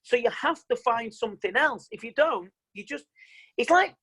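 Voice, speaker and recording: Man, mind coach, animated and chatty, online seminar. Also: very high voice, moderate pace, slightly rough, low-quality recording. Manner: animated, chatty, quotes people in mock voices. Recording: video call audio.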